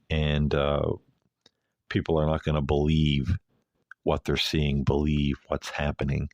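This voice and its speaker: A man's voice: rumbling low, a little mellow, dry recording. A male host giving a rambling, hesitant, earnest solo commentary.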